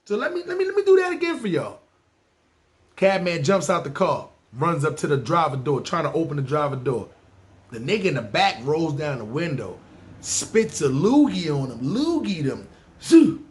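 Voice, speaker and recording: A man from New telling a story on his podcast, lively and full of slang and profanity. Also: fairly high pitch, normal speed. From New York. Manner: animated, profane, slangy, talks to listeners. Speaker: podcast host. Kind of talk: storytelling monologue.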